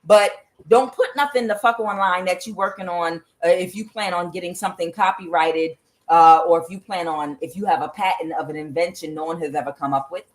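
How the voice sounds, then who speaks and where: A woman's voice: on the low side, fairly quick. A woman hosting a tarot channel, talking in a blunt, profane, casual monologue full of fillers and laughs.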